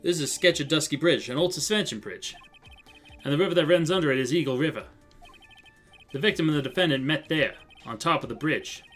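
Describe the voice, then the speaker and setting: A man's voice: fairly high pitch, a little fast, a bit bright, faint music behind, natural voice. A man voicing a male police detective in a game who gives testimony in a businesslike way and addresses the judge as "sir". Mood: dutiful. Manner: deferential and businesslike, adds "sir".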